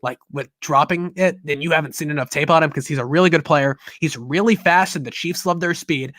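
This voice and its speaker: Bright-voiced man hosting a podcast. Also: fairly high pitch, brisk, no echo, studio quality. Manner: rambling, self-interrupting. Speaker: podcast host. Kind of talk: casual football draft talk.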